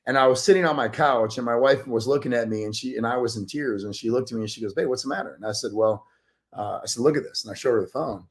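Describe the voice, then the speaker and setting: A man's voice: medium pitch, fairly even intonation, fast talker. A man speaking as a podcast guest, telling an earnest story in an emphatic, motivational way. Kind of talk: animated storytelling.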